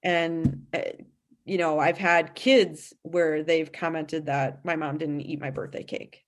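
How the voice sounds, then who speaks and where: Low-voiced woman, emphatic podcast host. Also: level tone. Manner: emphatic, talks in quick bursts with restarts. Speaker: podcast host and nutrition practitioner. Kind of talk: casual podcast chat.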